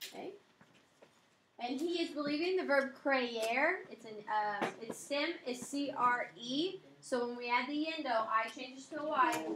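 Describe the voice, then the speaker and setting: A woman's voice: high voice, expressive, moderate pace. A woman teaching a Spanish grammar lesson, explaining patiently and checking in with her listeners. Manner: explains patiently, checks in with "okay" and "all right". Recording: echoey room with faint noise.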